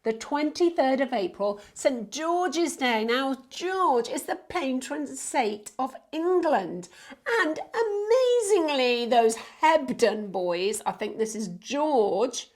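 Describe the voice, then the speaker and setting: A woman's voice: high-pitched, expressive, slow, hardly any pauses, a little mellow. A woman minister hosting a children's show, talking in a playful, exclaiming way. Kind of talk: lively children's presenting.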